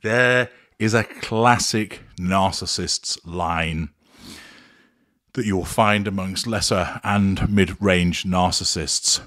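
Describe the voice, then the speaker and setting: A man narrating a clinical, measured analysis of a recorded argument, naming each tactic as he goes. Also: low voice, steady tone, a bit bright. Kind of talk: analytical voice-over commentary.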